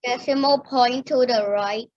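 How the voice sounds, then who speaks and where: A woman's voice: a little high, unhurried, darkish tone, no echo, lo-fi sound. A woman student giving short, hesitant answers to math questions.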